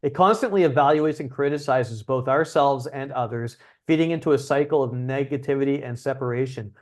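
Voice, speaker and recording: A young man with a medium-pitched voice talks briskly on a livestream he hosts. Acting as a dating coach, he speaks casually and bluntly and swears frequently.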